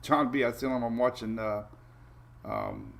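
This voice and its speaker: A man's voice: medium pitch, huge pitch swings, unhurried, gravelly, fairly bright tone. A man hosting a casual weather livestream, rambling through maps with many fillers and restarts and greeting viewers by name. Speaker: weather show host.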